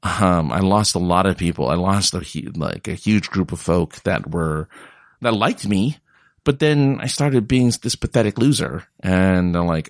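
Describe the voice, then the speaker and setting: A man's voice: deep voice, lively intonation, moderate pace, no room sound, studio quality. A young man talking casually in a rambling way and mocking other people's voices when he quotes them. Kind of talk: casual monologue.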